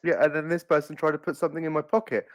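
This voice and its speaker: Fast-talking player, defensive. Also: male voice, on the high side, level tone, no echo. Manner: quick, defensive, joking. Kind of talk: playing a tabletop game in character.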